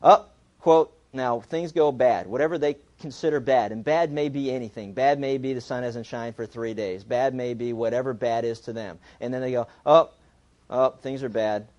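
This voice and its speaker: A man's voice: mid-range voice, normal speed, darkish tone, muffled recording. A male pastor delivering a sermon in a loose, conversational way. He slips into acted voices to play out the people in his examples and in the story he reads. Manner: conversational preaching, acts out voices when reading a story aloud.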